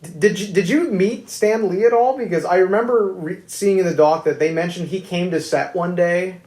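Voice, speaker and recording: A man's voice: high voice, normal speed, darkish tone. A man hosting a podcast interview, asking long, hesitant questions with fillers. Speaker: podcast host. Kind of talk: casual interview chat. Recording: echoey room.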